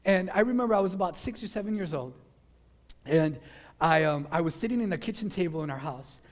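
A middle-aged man preaching a sermon, telling a childhood story in a conversational, animated way and acting out the voices. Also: high voice, fairly quick. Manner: animated, acts out his own and others' voices in the story; conversational, frequent fillers like "you know" and "like". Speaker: pastor.

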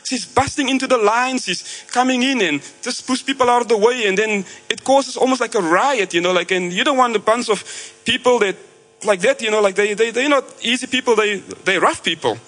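A man's voice: extremely high pitch, fairly quick, a bit bright, low-quality recording. An Australian man preaching a sermon, telling a story conversationally with frequent fillers and restarts.

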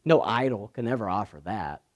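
A man preaching a sermon as pastor, moving from hushed, slow passages to loud, emphatic ones. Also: on the low side, lively intonation.

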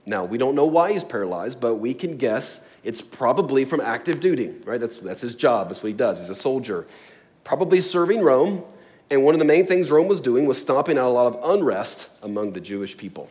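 A man's voice: mid-range voice, animated, brisk, a little mellow. A man preaching a sermon, explaining a scripture passage with storytelling and acted-out asides. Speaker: pastor.

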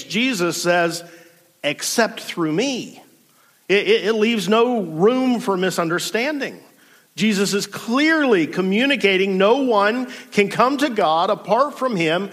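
A man preaching a sermon as pastor, emphatic, slowing down and dropping low to stress key words. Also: fairly bright tone, long reverb tail.

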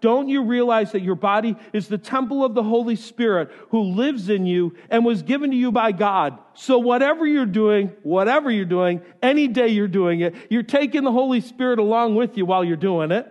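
A man's voice: high voice, normal speed, hardly any pauses, darkish tone, muffled recording. A man preaching a sermon as pastor, earnestly acting out the pleas he quotes. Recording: echoey hall.

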